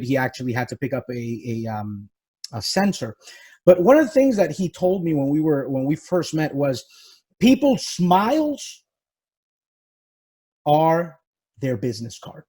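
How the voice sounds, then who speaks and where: A man hosting a podcast interview, speaking reflectively with frequent pauses and restarts. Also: mid-range voice, warm tone, husky. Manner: reflective, halting, many restarts. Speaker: podcast host. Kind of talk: casual interview conversation. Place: South Florida.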